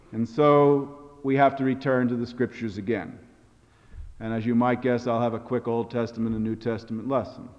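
A man preaching a sermon, telling stories with a varied, expressive delivery. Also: medium pitch. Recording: dull sound with long hall reverb.

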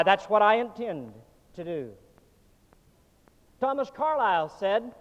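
A man preaching a sermon as pastor, dramatic and swinging from loud to hushed. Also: high voice. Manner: dramatic preaching with sweeping shifts in volume. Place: church sanctuary. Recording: dull lo-fi sound in a reverberant hall.

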